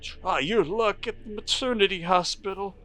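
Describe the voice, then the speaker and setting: A man's voice: high voice, moderate pace, pitched above the performer's own voice. A man voicing a grief-stricken middle-aged man who wails and sobs in despair in a narrative horror board game. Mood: despairing shouts. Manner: wailing, anguished, breaking into shouts.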